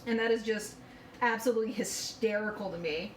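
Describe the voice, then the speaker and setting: A woman's voice: medium pitch, brisk, reverberant, a little hiss or hum, poor audio. A woman chatting casually while she cooks in her home kitchen, swearing and laughing about her pets. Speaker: cooking streamer. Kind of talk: casual chat while cooking.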